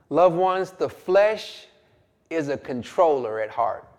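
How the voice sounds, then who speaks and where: A male preacher delivers a sermon slowly and emphatically, his fairly high voice swinging up and down. Long reverb rings after his words. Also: expressive, darkish tone. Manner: emphatic, drawn-out, storytelling.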